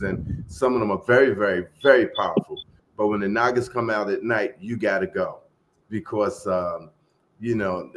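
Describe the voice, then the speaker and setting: A middle-aged man telling a long story as a podcast guest in a relaxed, casual way, trailing off into fillers and acting out the voices of the people in it. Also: on the low side. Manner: laid-back, acts out quoted voices, trails off into fillers.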